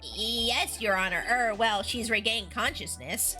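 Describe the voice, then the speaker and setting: A woman's voice: a little high, measured pace, bright, forceful tone, faint music behind, voice pushed down. A woman voicing an earnest, slightly flustered young male defense lawyer.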